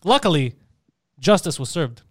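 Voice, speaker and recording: A man co-hosting a podcast, telling a comedic story in a profane, animated way and acting out the voices of the people in it. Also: fairly high pitch, normal speed, no room sound, clean studio sound. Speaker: podcast co-host.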